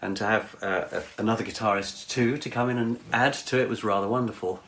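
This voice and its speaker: Middle-aged man, rapid talker, low voice, effusive guest. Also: fairly even intonation, a little hiss or hum. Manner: warm, effusive, agreeable. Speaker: guest, musician and producer. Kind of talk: casual conversation.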